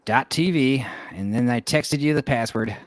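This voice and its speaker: A man's voice: mid-range voice, moderate pace, no room sound. A man hosting a casual podcast game night, talking loosely and laughing often. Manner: loose, rambling, laughs a lot. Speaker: podcast host. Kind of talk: casual chat while hosting a game stream.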